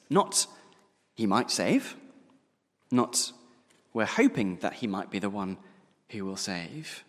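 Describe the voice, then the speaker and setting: A man delivers a sermon in a lowish voice, leaning hard on single words and slowing down to drive each point home. His voice carries a long reverb, as if recorded in a large church hall. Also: very animated. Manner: emphatic, slowing down to stress key words. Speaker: preacher.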